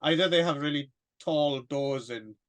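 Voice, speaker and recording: A man's voice: fairly high pitch, unhurried. A man co-hosting a casual film podcast, rambling and hesitant with plenty of fillers and self-deprecating asides. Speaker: podcast co-host.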